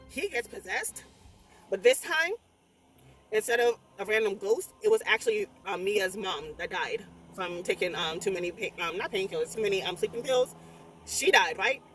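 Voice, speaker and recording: A young adult woman recapping a horror movie in a casual, rambling way, animated and swearing constantly as she exclaims through the story. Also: mid-range voice, far from the mic. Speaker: movie reviewer. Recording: voice a bit off-mic, faint music behind.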